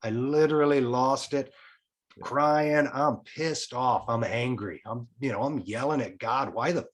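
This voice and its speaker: A man's voice: medium pitch, unhurried. A man in his forties, a podcast guest telling a personal story in casual chat, frank and often swearing. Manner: frank, swears freely, tells a story in a lively way.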